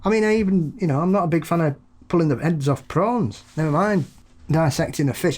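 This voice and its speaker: Chatty man, fairly high voice. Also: animated, fairly quick. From England. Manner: chatty, laughs often, acts out voices in anecdotes. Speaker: podcast co-host. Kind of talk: casual chat.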